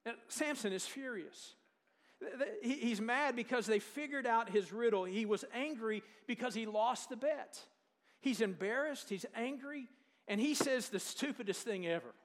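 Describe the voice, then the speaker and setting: A male preacher with a notably high voice delivers a sermon. He retells the scripture story in a lively way, asking the congregation questions and dropping in jokes as he goes. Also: normal speed.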